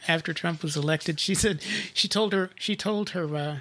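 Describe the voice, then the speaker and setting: A man's voice: on the high side, moderate pace, fairly bright tone. A man co-hosting a casual political talk show, retelling stories and laughing often. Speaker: podcast co-host.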